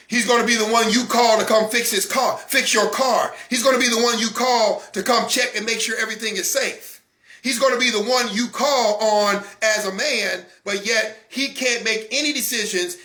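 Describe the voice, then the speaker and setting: A man hosting a Christian broadcast, talking in an emphatic, intense way and hammering the same phrases over and over. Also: extremely high pitch. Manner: intense, refuses to calm down. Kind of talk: impassioned broadcast talk. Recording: echoey room.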